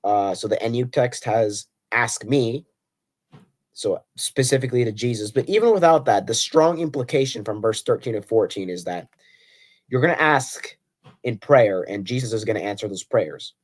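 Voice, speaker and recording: A man hosting a solo video, reading scripture verses aloud and arguing his points with pointed rhetorical questions. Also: moderate pace. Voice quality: voice cracks on high notes. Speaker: Christian apologetics video host.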